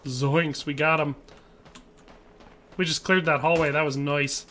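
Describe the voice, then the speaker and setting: A man's voice: on the high side, fairly even intonation, a little slow, sharp tone, slight background noise. A man, chatting casually and rambling with jokes while streaming a game and reading chat aloud. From Wisconsin, USA.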